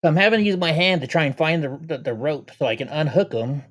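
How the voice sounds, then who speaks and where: A man's voice: on the high side, expressive, quick pace, a bit bright. Rambling man chatting on a livestream. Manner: chatty, talks to his dog and viewers. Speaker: livestream host. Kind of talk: rambling casual livestream chat.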